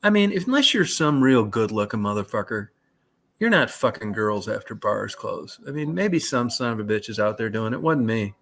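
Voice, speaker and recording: A man's voice: lowish voice, lively intonation, normal speed, fairly bright tone. A man telling rambling, profane anecdotes in a casual chat. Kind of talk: casual storytelling.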